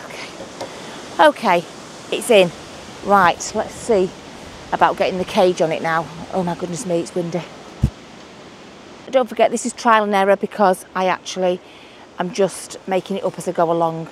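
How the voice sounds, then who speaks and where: A woman's voice: on the low side, moderate pace, long pauses. A woman with a Northern English accent chatting to camera as she works on her windy allotment, thinking aloud and laughing at herself. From England. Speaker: allotment vlogger. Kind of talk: casual chat to camera while working. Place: windy outdoor allotment garden.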